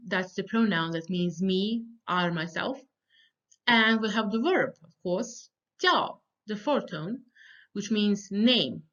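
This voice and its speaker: A woman teaching a beginner language lesson, pronouncing sounds slowly and deliberately, with frequent fillers and pauses. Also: medium pitch, a bit bright, dull audio.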